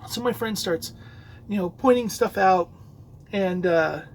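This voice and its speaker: A man's voice: high-pitched, unhurried, slight background noise, rough recording. A man hosting a solo podcast, telling a rambling story with many fillers and restarts. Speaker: podcast host. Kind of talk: casual solo podcast talk.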